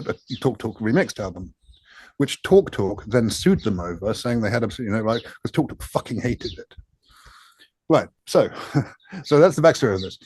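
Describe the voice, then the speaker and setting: A man's voice: medium pitch, a little mellow, no room sound. A man being interviewed about his music career, telling stories casually with lots of fillers, restarts and swearing. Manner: rambling, self-deprecating, swears freely, many fillers. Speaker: interview guest, music producer.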